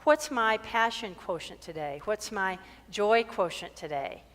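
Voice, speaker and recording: A woman's voice: medium pitch, lively intonation, unhurried, a bit bright. A woman minister giving a conversational sermon, joking and asking many rhetorical questions. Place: church sanctuary. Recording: long reverb in a hall.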